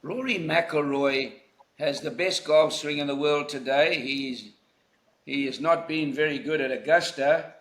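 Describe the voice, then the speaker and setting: A man's voice: on the high side, measured pace, fairly bright tone, echoey room. An older man from South Africa, a golf legend being interviewed, telling anecdotes in a reflective, emphatic way. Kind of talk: conversational interview.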